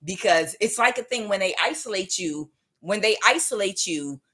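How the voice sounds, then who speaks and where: A woman's voice: medium pitch, lively intonation, normal speed, fairly bright tone. A woman giving a casual spiritual tarot reading, talking emphatically and repetitively straight to her audience, with chuckling asides. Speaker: tarot reader.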